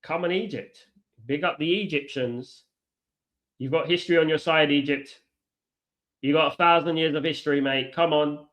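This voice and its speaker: A man hosting a live football watchalong, chatty, reacting to play and giving shout-outs to viewers. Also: fairly high pitch, steady tone, normal speed, pauses often, dull audio. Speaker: watchalong host.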